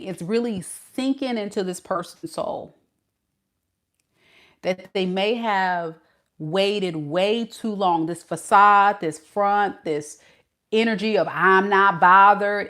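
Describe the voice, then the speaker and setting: A woman's voice: mid-range voice, fairly bright tone. A woman doing a tarot reading for her viewers, sassy and playful, talking straight to them with slang. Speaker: tarot reader.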